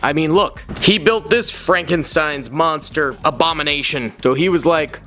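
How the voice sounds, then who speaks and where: A man narrating his toy build as a YouTuber, energetic and joking, with self-mocking asides. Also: on the high side, normal speed, faint music behind.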